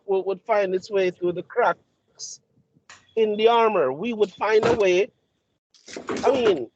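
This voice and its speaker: A high-voiced man in a relaxed podcast discussion, thinking out loud and stumbling over repeated words. The sound is dull and lo-fi. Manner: halting, repeats words while searching. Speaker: podcast co-host. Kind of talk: casual discussion.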